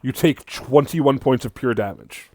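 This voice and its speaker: Slow hushed male game master. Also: medium pitch, dry recording. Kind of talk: narrating a tabletop game.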